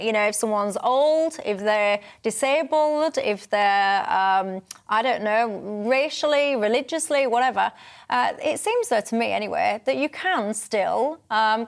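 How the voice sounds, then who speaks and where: Female host with a Hull accent; straight-talking, chatty, slightly high pitch. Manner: blunt, chatty, down-to-earth. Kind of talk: TV panel discussion.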